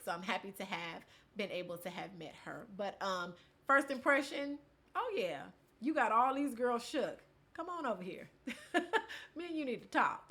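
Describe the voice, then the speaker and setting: A woman telling stories to camera in a casual, animated way, laughing often. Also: sits high. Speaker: vlogger.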